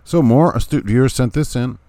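A man's voice: medium pitch, fairly quick, warm tone, no echo. A man hosting a podcast, talking bluntly and sarcastically, hammering his points home with repetition. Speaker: podcast host. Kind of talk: casual opinion podcast.

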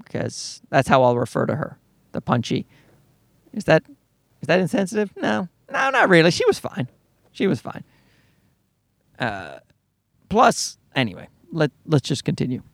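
A man with a fairly high, creaky voice rants into a mic from his car in a parking garage, rambling and swearing through a story at normal speed with long pauses. He's animated and keeps interrupting himself. The recording is studio quality with no echo.

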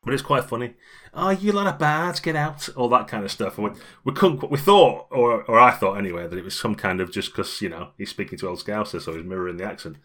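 A man's voice: lowish voice, fast talker, few pauses, bright, forceful tone. A middle-aged British man co-hosting a role-playing podcast, chatting casually and rambling with frequent laughs. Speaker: podcast co-host.

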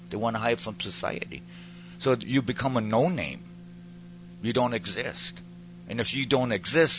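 A man with a lowish voice and a forceful, pressing edge shares his testimony in earnest. He moves between quiet reflection and emphatic, preacher-like declarations. A faint hum sits under his voice. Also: rough recording. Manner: earnest, rises to emphatic peaks. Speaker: guest giving a testimony.

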